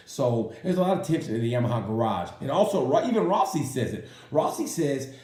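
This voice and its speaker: A man's voice: medium pitch, sing-song, fairly quick, hardly any pauses, mellow, roomy sound. A man giving a rambling, joking review of a motorcycle race and acting out quotes in silly voices. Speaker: racing commentator. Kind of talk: casual comedic race review.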